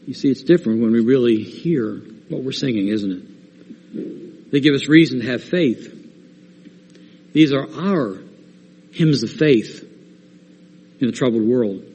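A man's voice: mid-range voice, measured pace, pauses often, a little mellow, breathy edge, long reverb tail. A man preaching a sermon, earnest and rising to emphatic stress when he quotes scripture.

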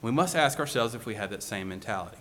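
A man's voice: on the low side, lively intonation, quick pace, fairly bright tone. A male preacher giving a sermon, asking the congregation one rhetorical question after another.

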